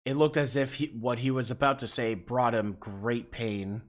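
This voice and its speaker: A game streamer reading game text aloud and reacting with loud, swearing outbursts. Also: mid-range voice, steady tone, normal speed.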